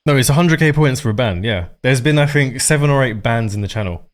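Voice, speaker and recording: A man's voice: mid-range voice, expressive, quick pace. A man streaming a game live, chatting casually and rambling, with frequent swearing.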